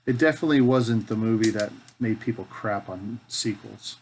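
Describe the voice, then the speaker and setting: A man's voice: fairly low pitch, normal speed, darkish tone, slight background noise. A middle-aged man from Canada hosting a live stream, chatting casually and joking with himself as he builds. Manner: joking, talks to himself as he works. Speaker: live-stream host building a toy kit. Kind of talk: casual chat while building.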